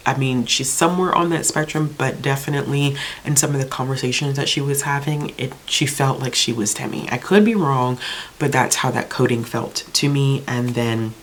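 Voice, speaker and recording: A woman casually reviewing a book on her channel, talking with passion, ranting a little, with many fillers and restarts. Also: a bass voice. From Jamaican heritage. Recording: faint hiss.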